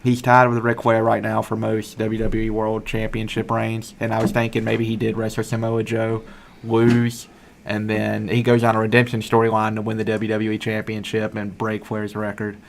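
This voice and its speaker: A man co-hosting a podcast in casual, rambling chat, thinking out loud and talking over his friends. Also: on the low side, monotone, normal speed, creaky, a little hiss or hum. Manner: rambling, talks over others. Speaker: podcast co-host.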